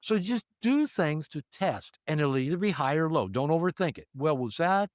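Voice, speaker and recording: A man's voice: a little high, moderate pace, no echo, studio quality. An older man, a relationship therapist, giving casual advice in an interview and acting out short exchanges in different voices. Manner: animated, acts out little dialogues with changing voices.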